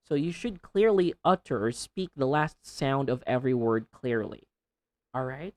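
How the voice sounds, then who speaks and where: A man teaching English pronunciation in a casual video lesson, repeating sounds slowly and with exaggerated care, with chatty asides. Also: mid-range voice, darkish tone, no room sound. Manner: slow, over-articulated modelling of sounds, chatty asides. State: sweating under a panda hoodie hat.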